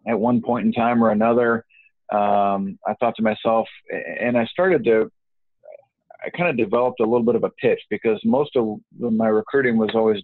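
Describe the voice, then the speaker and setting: A man's voice: lowish voice, dry recording. A man as an interview guest, talking casually over the phone in a rambling way, full of fillers and restarts. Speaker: interview guest, business networker. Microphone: phone line. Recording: tinny dry phone line.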